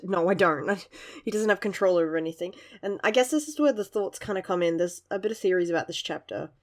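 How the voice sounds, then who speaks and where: In a medium-pitched voice, a young woman reviews a manga chapter in casual chat, gushing, giggling often, and tossing in lively asides.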